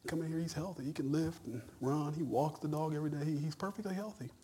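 A middle-aged male pastor preaching a sermon in a conversational, folksy way, stammering and then rising to loud shouted peaks. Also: on the high side, fast talker, slight background noise.

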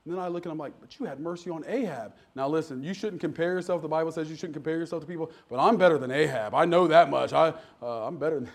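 A man's voice: on the high side, fast. A middle-aged man preaching a sermon as pastor, folksy and joking, building to emphatic preaching. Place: church.

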